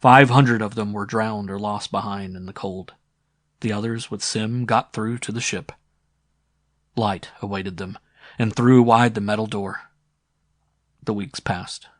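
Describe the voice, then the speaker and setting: A man narrating a science fiction audiobook in a steady, dramatic reading. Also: fairly low pitch, measured pace, pauses often, no room sound, clean studio sound. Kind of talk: scripted narration.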